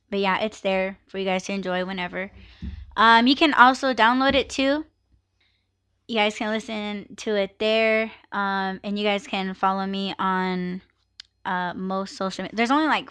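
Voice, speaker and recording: A woman's voice: mid-range voice, fairly bright tone, clear, resonant tone. A woman hosting her own live podcast, chatting casually and ranting with plenty of swearing and laughter. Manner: ranting, profane, laughs often. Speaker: podcast host.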